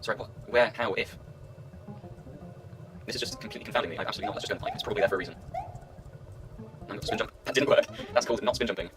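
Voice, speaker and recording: A man's voice: fairly low pitch, rapid-fire. A man giving rambling, self-mocking commentary while he plays a video game, talking half to himself. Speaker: let's play gamer.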